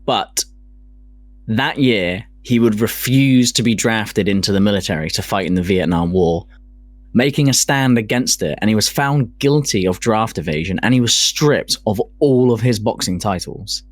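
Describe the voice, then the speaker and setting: A man's voice: fairly low pitch, expressive, moderate pace. A man co-hosting a casual podcast, reading from notes, swearing casually and laughing at himself. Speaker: podcast co-host presenting a segment.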